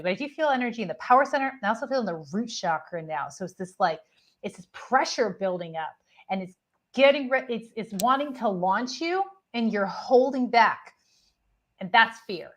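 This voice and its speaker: A woman giving a psychic reading on a livestream, describing the energy she feels in her body, often restarting and repeating her phrases. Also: a little high. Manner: feels energy in the body and talks about it with many restarts and repetitions. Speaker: psychic reader and co-host. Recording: clear background noise.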